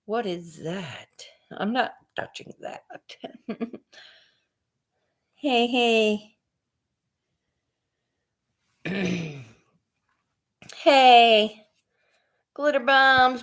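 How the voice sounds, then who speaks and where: A woman chatting casually with viewers on her live stream, laid-back and chatty. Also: medium pitch. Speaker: live stream host and artist.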